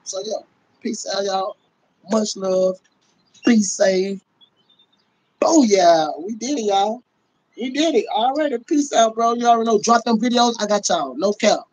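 A man on a casual livestream, ranting in a loud, profane, boisterous way and laughing often. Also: high-pitched, a little slow, pauses often, low-quality recording.

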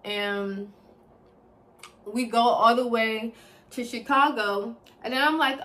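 A woman's voice: on the high side, slow. Chatty young woman telling a story. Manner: chatty and expressive, addresses viewers as y'all, swears freely, heavy use of like. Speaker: vlogger. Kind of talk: casual storytime chat.

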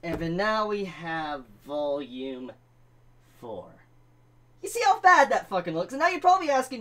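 A woman's voice: lowish voice, big pitch swings, normal speed, fairly bright tone. A woman reviewing manga in a casual vlog, stammering over her words, swearing often and telling her story with exasperation. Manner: stammering repeats, frequent swearing.

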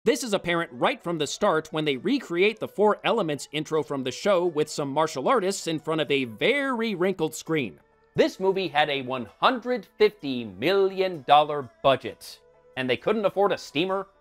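A man's voice: on the high side, lively intonation, normal speed, faint music behind. Sarcastic male film reviewer. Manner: sarcastic, exasperated. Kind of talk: scripted review commentary.

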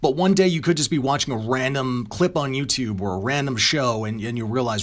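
A man's voice: mid-range voice, fairly quick, hardly any pauses. A young man with a radio tone, answering interview questions casually with plenty of ums and you-knows. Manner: relaxed, conversational, many ums and you-knows. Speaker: voice actor and content creator. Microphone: home mic.

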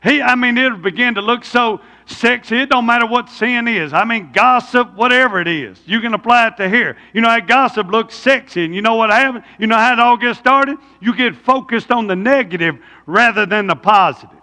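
Male pastor, folksy sermon, bright high voice, long church reverb. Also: brisk, few pauses. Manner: folksy, rhetorical questions to the congregation. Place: church sanctuary.

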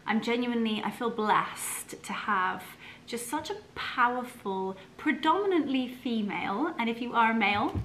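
A woman vlogging, chatting warmly and gushingly to her viewers and her dogs. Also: fairly high pitch, a little hiss or hum. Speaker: lifestyle vlogger. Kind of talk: casual vlog chat to camera.

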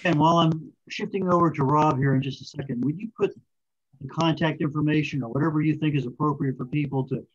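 A man's voice: on the high side, fast, husky, muffled recording. A man hosting an interview, chatty and telling stories, over a video call. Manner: chatty, storytelling. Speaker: interview host. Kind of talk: casual interview talk.

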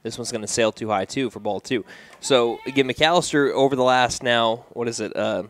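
Steady small-town baseball radio announcer. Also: male voice, medium pitch, moderate pace, slight background noise. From United States. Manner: steady conversational calls, rising sharply on big plays. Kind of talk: baseball play-by-play commentary.

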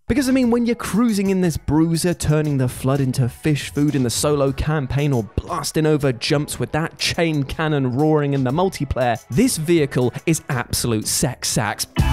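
A man's voice: fairly high pitch, expressive, moderate pace, a little mellow, soft background music. Sweary sarcastic man ranting. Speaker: video host. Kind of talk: scripted comedic voice-over.

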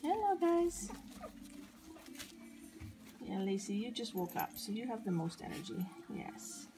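A woman's voice: a little high, very animated, a little slow, background noise. Cooing woman talking baby talk to puppies. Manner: cooing, sing-song, drops to soft whispers. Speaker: dog breeder filming her puppies. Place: indoors at home with puppies.

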